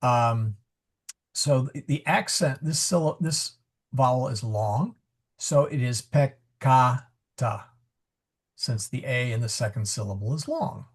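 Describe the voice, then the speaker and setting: A man's voice: medium pitch, animated, measured pace, husky. A man teaching Latin pronunciation in a live class over a video call, patiently explaining and correcting himself as he goes. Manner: patient, explanatory, self-correcting with frequent fillers.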